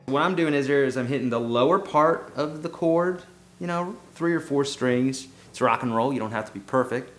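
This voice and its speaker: A relaxed man talks through a guitar lesson at a medium pitch, loose and joking at his own expense. Loud guitar playing runs between and under his words. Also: normal speed. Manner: loose, joking, self-deprecating. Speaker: guitar teacher.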